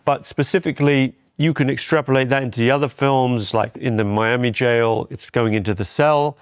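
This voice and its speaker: A man's voice: mid-range voice, fairly even intonation, normal speed, smooth, dry recording, clean studio sound. A man in his fifties, a documentary filmmaker, telling wry self-deprecating anecdotes in a casual interview. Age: 50s.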